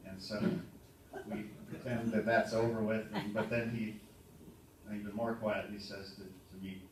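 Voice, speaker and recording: A man in his fifties with a lowish voice tells dry, halting jokes with plenty of ums. He is heard from a distance in a very echoey hall. Room noise carries clearly behind him. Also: flat delivery. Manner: halting, dry humorous storytelling with many ums. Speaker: son giving a birthday tribute. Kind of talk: speech to a party audience. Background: room ambience and audience laughter.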